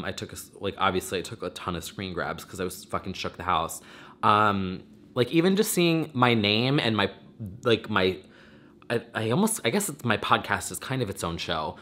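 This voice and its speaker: A man with a fairly low, fairly bright voice hosts his own vlog and podcast. In a casual, emotional monologue he rambles effusively, teary and near tears.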